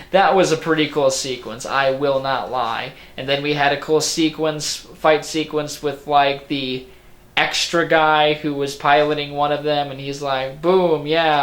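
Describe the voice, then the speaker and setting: A man's voice: on the high side, fairly bright tone. A man giving a casual movie review. He slips into a Boston accent, rambles, jokes sarcastically and swears freely. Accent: slipping into a Boston accent. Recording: roomy room echo.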